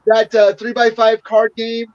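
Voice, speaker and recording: An eager man with a high voice chats about tabletop games with animated enthusiasm. The recording sounds dull and muffled. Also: measured pace. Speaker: podcast panelist.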